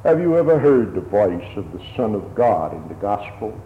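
A man preaching a sermon slowly and solemnly, building to raised emphasis at times. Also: fairly low pitch, sing-song, a little hiss or hum. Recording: tinny phone-like sermon recording in an echoey hall.

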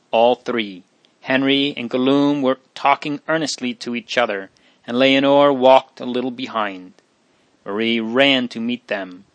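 A man's voice: medium pitch, no room sound. Man reading a novel aloud, dry sound. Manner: measured, even reading. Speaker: audiobook narrator. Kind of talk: scripted narration.

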